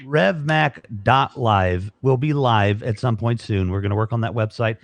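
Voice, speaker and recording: A man's voice: mid-range voice, measured pace, creaky, dry recording. A man hosting a live online talk show, signing off with rambling, grateful, joking chat into a studio microphone. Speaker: show host. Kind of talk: casual live-stream sign-off chat.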